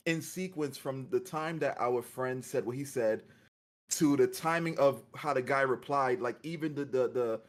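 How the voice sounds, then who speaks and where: A man's voice: mid-range voice, moderate pace. A man co-hosting a gaming podcast, telling a story in casual chat with lots of laughter. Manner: animated storytelling, laughs often. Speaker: podcast co-host.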